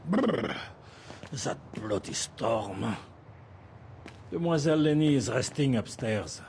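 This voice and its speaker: An actor voicing a gruff man keeping a mountain refuge in a video game, blunt and grumbling. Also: mid-range voice, expressive, slow, a little mellow, slight background noise.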